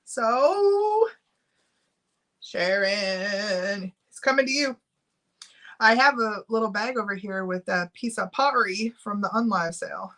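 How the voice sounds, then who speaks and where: A woman's voice: medium pitch, lively intonation, takes it slowly, fairly bright tone. A middle-aged woman chatting casually on a live stream, giggling often and reading out viewer names while she runs a giveaway.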